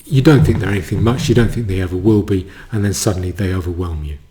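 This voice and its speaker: A man giving a solo commentary monologue, halting, with many stammered restarts. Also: deep voice, dark tone.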